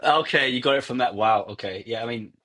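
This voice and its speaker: A man's voice: medium pitch, fairly quick, sharp tone. A man, a scientist guest talking easily in an interview. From Wales. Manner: easygoing, good-humoured. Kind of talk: casual interview talk.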